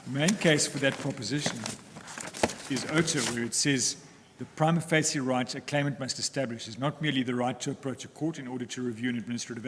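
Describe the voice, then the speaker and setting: A man, arguing as counsel in court in a formal, deliberate way with frequent pauses. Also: medium pitch. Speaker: counsel for the applicants. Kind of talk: formal legal argument in court. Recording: echoey courtroom with faint ambient noise.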